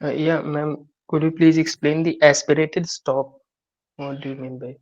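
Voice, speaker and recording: A man's voice: on the high side, flat delivery, normal speed, a little mellow, highs cut off. A man, a student, asking his teacher questions politely and a bit hesitantly over an online call. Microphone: video call.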